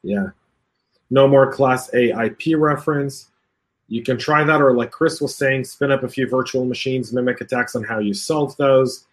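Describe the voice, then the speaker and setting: A man hosts a live stream over a video call, reading viewer comments and reacting with laughs. His delivery is animated, and he acts out the voices of the people he quotes. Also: mid-range voice, normal speed. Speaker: podcast host.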